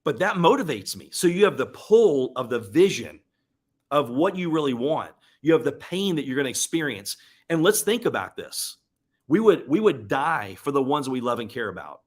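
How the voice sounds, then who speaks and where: A man's voice: medium pitch, very animated, normal speed. A man hosting a motivational live stream, speaking earnestly and emotionally. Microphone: webcam or desk mic on live stream.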